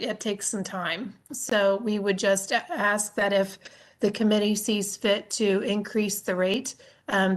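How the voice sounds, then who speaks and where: A woman who works as a state agency official, giving formal testimony to a legislative committee in a measured, explanatory way with frequent filler sounds. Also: mid-range voice.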